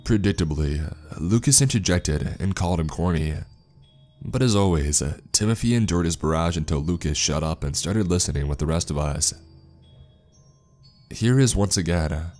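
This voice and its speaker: A man reading a scripted horror story in a steady, grave manner. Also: deep voice, normal speed, faint music behind. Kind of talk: scripted narration.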